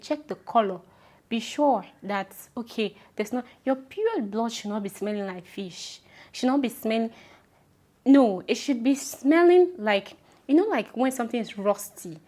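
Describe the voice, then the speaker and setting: A woman's voice: a little high, darkish tone. A young woman with a Nigerian accent giving casual, emphatic advice to her viewers, often repeating her points and calling them "my love". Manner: chatty, affectionate, repeats instructions emphatically. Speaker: vlogger. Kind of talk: casual advice talk to camera.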